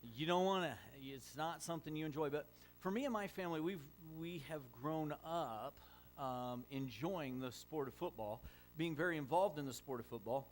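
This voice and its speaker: A man's voice: a little high, normal speed. A middle-aged man preaching a sermon as a pastor, telling stories conversationally with frequent fillers and restarts.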